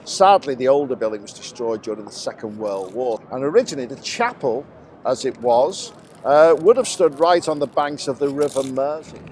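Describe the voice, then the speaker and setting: A man's voice: mid-range voice, animated, normal speed, a little mellow, a little hiss or hum. A man acting as a city tour guide in a comedy sketch, explaining landmarks politely and patiently outdoors.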